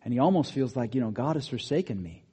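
A man preaching a sermon, animated, rising to emphatic peaks and dropping to quiet asides. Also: mid-range voice, fast, husky. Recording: long hall reverb.

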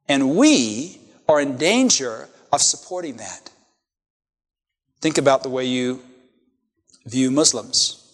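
A man's voice: fairly high pitch, fairly bright tone, big-room sound. A male pastor preaching a sermon to his congregation, emphatic, with rhetorical questions and repeated phrases. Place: church sanctuary.

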